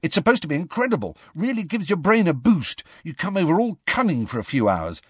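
A man voicing an eager teenage schoolboy who talks in a pleading, excitable way. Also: fairly high pitch, a little fast, husky, no room sound, clean studio sound, pitched above the performer's own voice.

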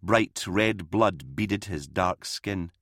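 Low, dry male audiobook narrator. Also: a bit bright, dry recording. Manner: measured, grave storytelling. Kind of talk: scripted narration.

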